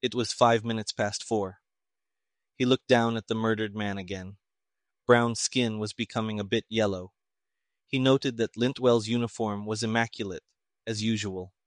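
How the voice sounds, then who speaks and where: A man's voice: on the low side, steady tone, moderate pace, dry recording. Man narrating an audiobook, dry.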